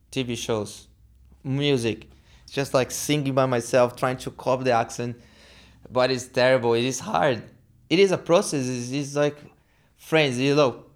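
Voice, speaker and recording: Man, Brazilian accent, non-native English, animated storyteller, voices the people he quotes. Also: mid-range voice. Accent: Brazilian Portuguese. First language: Portuguese. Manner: animated, acts out quoted dialogue, halting non-native phrasing. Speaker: guest. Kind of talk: casual storytelling interview.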